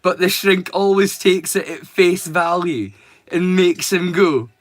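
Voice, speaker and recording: A man's voice: high voice, unhurried, no room sound. A man with a Scottish accent chatting casually with his live-stream viewers, teasing them and swearing freely. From Scotland.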